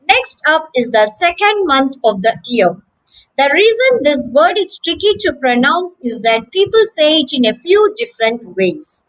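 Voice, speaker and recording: A woman teaching English pronunciation to children, demonstrating words slowly and repeating each one as a drill. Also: high voice, very animated, fairly bright tone, low-quality recording. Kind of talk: slow, deliberate pronunciation lesson for children.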